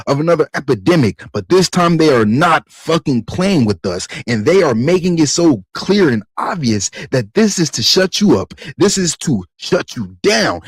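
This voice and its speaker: A man on a podcast goes off on a profane rant. His voice swings widely in pitch and climbs high when he gets worked up. He is recorded close to the mic in a dry room. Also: husky, dry recording. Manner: animated, profane, rising to near-shouting rants. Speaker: podcast host. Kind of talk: ranting podcast monologue.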